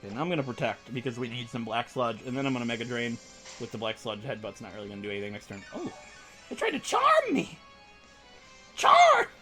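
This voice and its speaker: A man hosting a let's play, rambling and joking excitedly over his game. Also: mid-range voice, rapid-fire, faint music behind. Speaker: gaming channel host.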